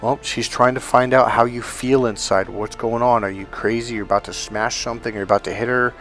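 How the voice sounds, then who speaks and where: A male relationship coach talks straight to his listeners in an emphatic, persuasive monologue. His voice sits at a mid pitch, and he slips into quick acted lines from both partners. Soft music plays faintly underneath. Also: fairly even intonation. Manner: emphatic, acts out quoted couples' lines.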